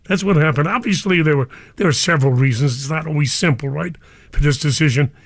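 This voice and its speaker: A man's voice: a little high, fast, no echo, clean studio sound. An older man, a radio DJ, speaking live and emotionally to his listeners, whom he calls cousins.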